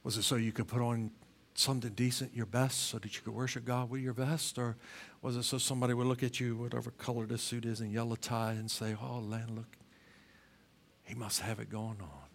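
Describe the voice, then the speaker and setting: A male pastor preaching a sermon in church, shifting between loud emphatic passages and slow, quiet questions, often repeating words as he starts a phrase. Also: medium pitch, fairly even intonation.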